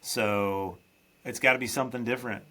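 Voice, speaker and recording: A man's voice: mid-range voice, fairly even intonation, normal speed, bright, forceful tone. A man hosting a podcast, chatting loosely and teasing his guest. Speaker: podcast host. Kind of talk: casual interview chat.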